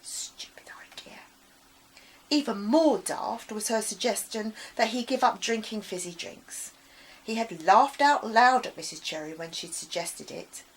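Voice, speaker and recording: A woman author reading her children's adventure story aloud with expressive, dramatic storytelling. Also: fairly high pitch, normal speed, husky, low-quality recording.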